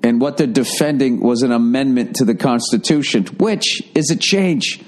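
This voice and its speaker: A man hosting a podcast goes solo in a casual comedic rant, rambling, sarcastic, and full of profanity, with a medium-pitched voice at a moderate pace.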